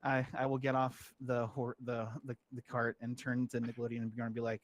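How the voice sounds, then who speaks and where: A man's voice: medium pitch, monotone, brisk, hardly any pauses. Male player, easygoing, stumbling, faint background noise. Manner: easygoing, stumbling, speaks his character's lines in his own voice. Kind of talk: playing a tabletop game.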